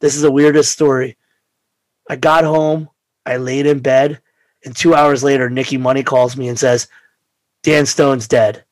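A man telling a long road story in casual chat, animated and profane, acting out the voices of the people he quotes. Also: medium pitch, normal speed, dry recording.

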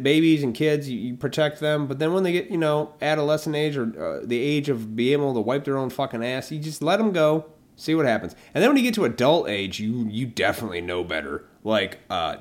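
Profane man ranting with lively pitch. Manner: profane, mocking, acts out imagined people in quick voices. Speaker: podcast host. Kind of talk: solo podcast rant.

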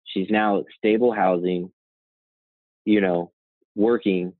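Slow and steady in tone, a deep-voiced guest, the co-founder and CEO of a nonprofit, works his way through a rambling, conversational story. He leans on "right?" and "you know" a lot, and the dry, tinny phone-like recording has no room sound.

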